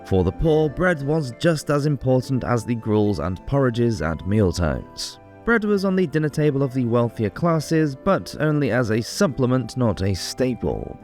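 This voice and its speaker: A man narrating a scripted history documentary in a clear, explanatory way, with the odd casual joke. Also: medium pitch, very animated, unhurried, hardly any pauses, darkish tone, faint music behind. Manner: clear explanatory delivery with casual jokey asides.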